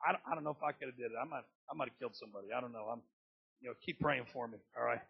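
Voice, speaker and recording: A man preaching a sermon with a gravelly, husky voice, swinging from low talk up to loud shouting. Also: very fast, muffled recording. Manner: builds from low talk to loud shouting, acts out family members. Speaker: pastor.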